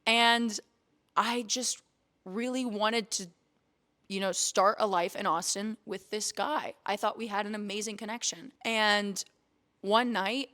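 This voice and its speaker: A woman's voice: mid-range voice, fairly even intonation, measured pace, a bit bright. A young woman streamer telling a candid, emotional story on her vlog, swearing casually and near tears. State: close to tears. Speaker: streamer and vlogger.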